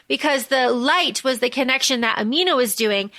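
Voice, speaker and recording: A woman co-hosting a book podcast, recapping the plot in casual chat, animated and swearing freely. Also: high-pitched, normal speed. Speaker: podcast co-host.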